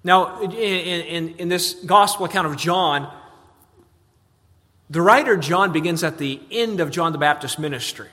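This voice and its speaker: A pastor with a bright, forceful voice pitched a little high delivers an earnest sermon. He doubles words as he restarts thoughts and lifts his voice on questions. The sound carries the long reverb of a large sanctuary. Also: a little slow. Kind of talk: expository sermon.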